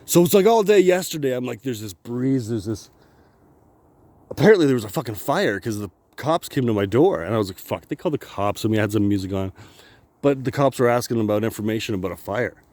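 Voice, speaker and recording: A man's voice: medium pitch, expressive, a little fast, darkish tone. A man vlogging a rambling personal story, swearing constantly, laughing often and restarting his sentences.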